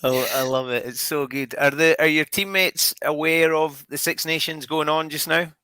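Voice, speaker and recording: A man's voice: on the high side, fairly even intonation, moderate pace, sharp tone, smooth, no room sound. A man hosting a podcast, asking friendly, short questions in a casual chat. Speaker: podcast host.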